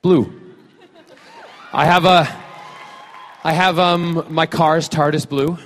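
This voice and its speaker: A man from Scotland, a celebrity guest fielding audience questions at a fan panel, playful and joking with halting fillers and restarts. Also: fairly high pitch, fairly even intonation. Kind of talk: casual audience Q&A.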